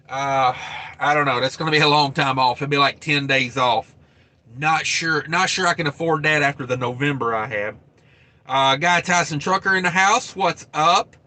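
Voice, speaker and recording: A man hosting a casual trucking livestream, thinking out loud about loads and pay and greeting viewers by name. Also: fairly high pitch. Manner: rambling, thinks aloud, reads viewer names. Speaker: trucking channel host.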